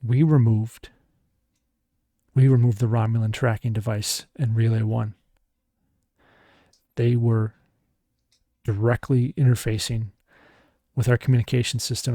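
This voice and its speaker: A man's voice: mid-range voice, little pitch movement, normal speed, pauses often, dark tone, no room sound, clean studio sound, close to an everyday voice. A man voicing a male starship commander who presses with questions and reasons things out. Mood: pressing.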